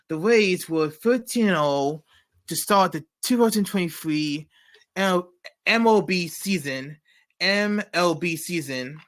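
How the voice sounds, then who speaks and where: A man's voice: fairly high pitch, a bit bright. A man hosting a comedy news segment, reading jokes with frequent stumbles and self-corrections. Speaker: comedy show host.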